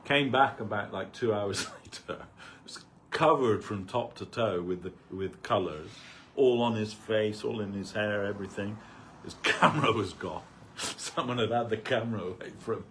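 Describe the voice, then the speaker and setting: A man's voice: fairly low pitch, moderate pace, hardly any pauses, a bit bright, a little hiss or hum. A man giving an informal spiritual talk at a temple gathering, rambling conversationally and peppering his stories with "you know".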